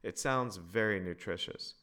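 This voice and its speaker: A man's voice: deep voice, a little slow, sharp tone. A man voicing a dry, teasing father at the dinner table. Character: teasing deadpan dad.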